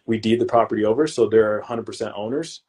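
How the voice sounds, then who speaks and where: A young man with a fairly low voice talks through his deals in a loose, slangy way and keeps calling the hosts "bro." He tells his stories with energy and acts out what he said at the time. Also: fast, slightly rough. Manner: lively storyteller who acts out his own past lines. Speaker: podcast guest, real estate investor. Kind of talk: casual interview chat.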